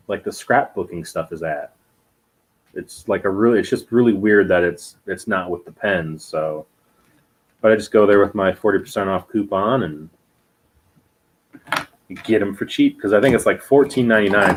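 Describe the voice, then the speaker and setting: A man in a casual chat about art supplies, talking haltingly with many fillers. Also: fairly low pitch, low-quality recording. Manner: halting, filler-heavy talk. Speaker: guest artist.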